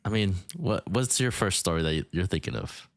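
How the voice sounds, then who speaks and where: A man with a very low voice answers calmly and quietly in a relaxed podcast chat. The recording is close and dry, with no room echo. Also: brisk, gravelly. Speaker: podcast co-host.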